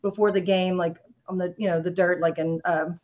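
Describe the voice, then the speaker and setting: A woman's voice: fairly low pitch, level tone, normal speed. A woman in her forties co-hosting a podcast in casual chat, telling stories in a rambling way full of fillers. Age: 40s. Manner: rambling, filler-heavy storytelling. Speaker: podcast co-host. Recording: dull lo-fi podcast audio.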